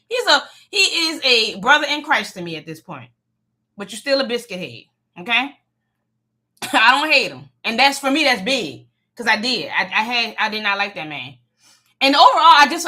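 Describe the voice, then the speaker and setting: A woman's voice: fairly high pitch, sharp tone. A young woman hosting a casual faith-based livestream, sassy and emphatic, giving advice to viewers with laughs and asides. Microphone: phone or webcam livestream.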